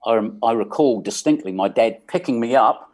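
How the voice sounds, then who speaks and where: A man's voice: medium pitch, expressive, darkish tone. A man of about sixty with an English accent, telling wry stories as a guest in a casual interview. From England. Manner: unhurried, wry anecdotes with many ums. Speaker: musician guest.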